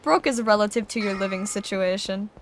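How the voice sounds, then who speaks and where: A young woman casually commenting on a game she is livestreaming, excitable and joking, swearing freely. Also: mid-range voice, a little fast, a little hiss or hum. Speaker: streamer.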